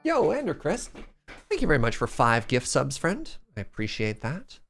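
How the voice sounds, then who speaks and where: A man hosts a live game stream in a casual, playful chat. His voice sits at an ordinary middle pitch. He riffs on jokes and reads out viewer names between bits of play. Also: huge pitch swings, normal speed, fairly bright tone, soft background music.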